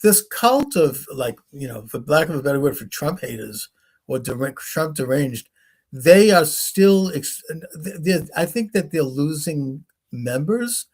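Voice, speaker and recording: Fairly high-pitched and very animated, a male talk show host takes his time, his tone on the darker side. He rambles casually while retelling stories, slipping into the voices of the characters.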